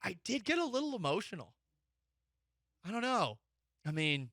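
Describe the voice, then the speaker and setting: A man's voice: sits high, normal speed, long pauses, no room sound, studio quality. A man hosting a sports talk show, opinionated and joking. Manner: animated, mock-emotional, joking.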